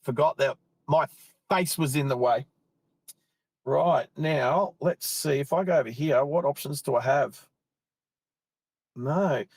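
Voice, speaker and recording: A middle-aged Australian man with a fairly high voice talks casually to his viewers from a parked car. He rambles, breaks off mid-thought and comes back to it. The sound is close and dry, with no room echo. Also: takes it slowly, pauses often, darkish tone. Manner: chatty, rambling, self-interrupting. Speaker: live-stream driving host. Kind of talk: casual live-stream chat. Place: parked car on an outback roadside.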